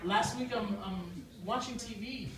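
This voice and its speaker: A young man with an American accent performing a stand-up set, telling his stories deadpan and breaking into sudden loud outbursts. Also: high voice, measured pace. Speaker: stand-up comedian. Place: comedy club stage. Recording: echoey club room from far off, noisy. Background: audience laughter.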